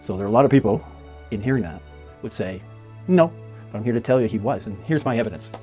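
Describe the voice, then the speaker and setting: A man's voice: fairly low pitch, lively intonation, fast, mellow, soft background music. A middle-aged man from Canada, a magician, telling fond and chatty stories about a late friend with frequent laughs. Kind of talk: casual spoken memorial tribute.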